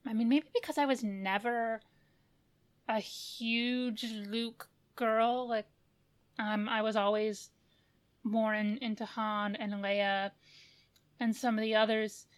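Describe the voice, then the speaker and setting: A woman's voice: a little high, fairly even intonation, slow pace, long pauses, smooth. A woman co-hosting a podcast in casual chat, thoughtful, often restarting and hedging her points. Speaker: podcast co-host.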